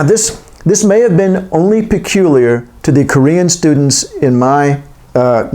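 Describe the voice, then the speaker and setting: A man's voice: medium pitch, darkish tone. A man giving a classroom lecture, reading from a text and wandering into joking asides.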